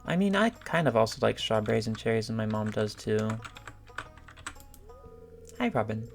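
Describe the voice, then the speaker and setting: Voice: medium pitch, lively intonation, fast, gravelly, soft background music. A gaming channel host giving casual let's-play commentary, rambling and thinking aloud with filler words.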